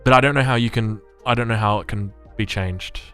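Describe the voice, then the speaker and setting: An Australian man streaming live, reading game patch notes and chatting with his chat in an animated, chuckling way. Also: fairly low pitch, a little fast, clean tone, soft background music. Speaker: gaming streamer.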